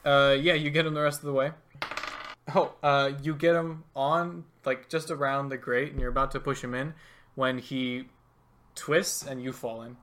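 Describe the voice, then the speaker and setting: Male game master, casual and easygoing, mid-pitched narration. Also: level tone, normal speed, a bit bright.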